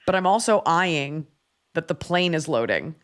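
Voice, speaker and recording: A woman hosting a podcast, telling a story in a casual, animated way with profane asides. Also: low voice, unhurried, clear, resonant tone. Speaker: podcast host.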